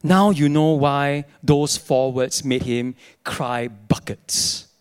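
A young adult male pastor, preaching a sermon in an animated storytelling way. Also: medium pitch, takes it slowly, smooth. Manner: animated storytelling, acting out his own dialogue.

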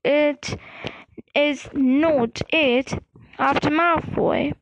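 Woman reading sad drunk half-giant guy, thick dull words, highish voice, slow. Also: no echo, exaggerated voice. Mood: miserable. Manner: thick, dull, glum speech. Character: gruff half-giant man, drunk and miserable.

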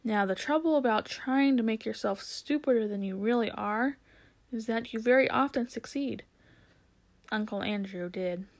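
A woman narrating a children's novel aloud in a steady storytelling way, with the odd stumble and restart. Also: fairly high pitch, moderate pace.

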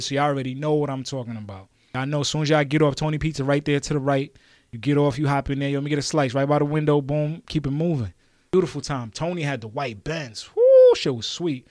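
A man's voice: medium pitch, dry recording, studio quality. Rambling Brooklyn man reminiscing. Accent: New York, Brooklyn. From New York City. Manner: rambling, profane, animated slang. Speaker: podcast host. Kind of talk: casual storytelling monologue.

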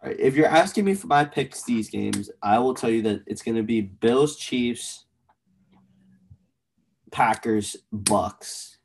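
A young man co-hosting a casual sports podcast, animated and blunt, swearing casually as he argues picks. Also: mid-range voice, slow, gravelly, a little hiss or hum. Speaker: podcast co-host.

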